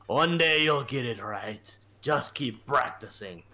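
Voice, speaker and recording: A man voicing a sarcastic male camp guard with a Scottish accent, drawling slowly. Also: mid-range voice, lively intonation, bright, forceful tone. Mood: amused.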